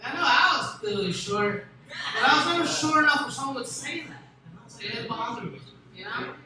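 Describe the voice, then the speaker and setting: A young man telling a crude story in casual chat, rambling and laughing often, swinging from mumbles to shouts. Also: very high voice, animated, fairly quick, a crowd in the background. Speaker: podcast host telling a story. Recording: echoey room, distant mic, faint noise.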